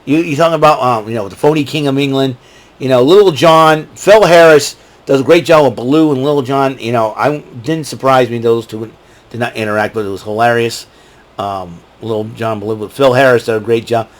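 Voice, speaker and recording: A man's voice: medium pitch, fairly quick. A man hosting his own show, chatting casually and rambling through a ranking of his favorite films with many fillers and restarts. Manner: rambling, many fillers and restarts, breaks into quoted movie lines. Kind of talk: casual solo commentary.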